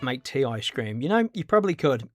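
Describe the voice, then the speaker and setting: A man's voice: medium pitch, very animated, fairly quick. A young British man chatting casually on a gameplay livestream, reading chat aloud and rambling with frequent ums while fighting off hiccups. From Britain. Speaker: streamer. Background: game music.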